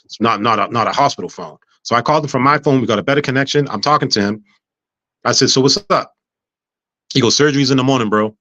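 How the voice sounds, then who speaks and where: Male guest, rapid storyteller who acts out conversations, stumbles and restarts a lot; dry, dull recording. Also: medium pitch, dry recording. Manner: animated, acts out dialogue, frequent stammers and restarts. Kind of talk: casual storytelling.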